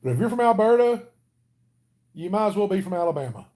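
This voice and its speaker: A man's voice: sits high, big pitch swings, quick pace, warm tone. A man with a Southern US accent chatting casually on a livestream, rambling and joking with his viewers as he reads their comments. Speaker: livestream host.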